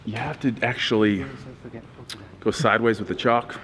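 A man's voice: fairly low pitch, moderate pace, fairly bright tone. A man filming a casual, jokey fitness vlog inside a gym. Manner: jokey and playful. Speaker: fitness vlogger. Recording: long gym reverb, faint noise.

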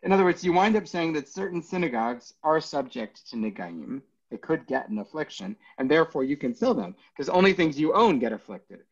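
A man's voice: fairly high pitch, sing-song, a little fast, few pauses, slightly rough, muffled recording. A man, a rabbi, teaching a Talmud class in an informal way, joking and thinking aloud with many fillers.

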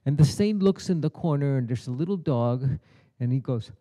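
At a conference hall, a middle-aged male keynote speaker delivers a spiritual teaching by telling a parable. His mid-range, dark-toned voice is expressive at a moderate pace, and he acts out the characters' lines as he narrates.

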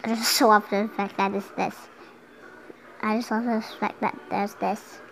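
A woman's voice: medium pitch, flat delivery, moderate pace, gravelly, a bit bright, slight background noise, poor audio. A young girl casually talking through a game at home, chatty and giggly, sometimes humming along. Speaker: gameplay commentator. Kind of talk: casual gameplay commentary. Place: home room.

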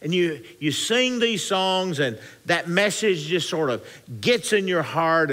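A man preaching a sermon as pastor, with animated, rising and falling emphasis and frequent restarts. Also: on the high side.

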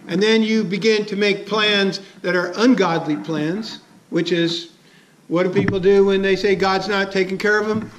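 A man's voice: high voice, steady tone, measured pace, a little hiss or hum. A man preaching a sermon as a pastor, conversational and chuckling, asking his listeners questions.

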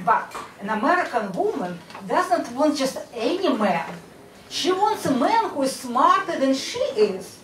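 Slow, lively Russian-accented woman comic. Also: sits high, recorded from a distance, slight background noise. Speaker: stand-up comedian. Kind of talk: stand-up set. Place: comedy club stage. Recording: echoey club, mic heard from afar.

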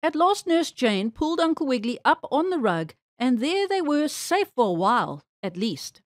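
Brief: woman storyteller, high and very lively read-aloud voice, close and dry. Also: moderate pace, dry recording. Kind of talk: children's read-aloud narration.

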